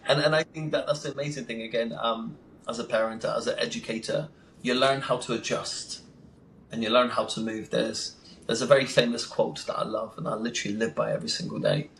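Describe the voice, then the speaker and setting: A man's voice: medium pitch, fairly even intonation, fairly quick, vocal fry, a bit bright. A man talking as a podcast guest in a casual interview, enthusiastic and emphatic, sometimes acting out what others say. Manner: enthusiastic, emphatic, acts out quotes. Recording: echoey room with faint noise.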